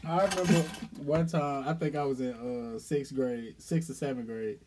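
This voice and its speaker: A young man in casual chat, telling a childhood story in a laid-back, unhurried way. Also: mid-range voice, a little mellow, rough recording.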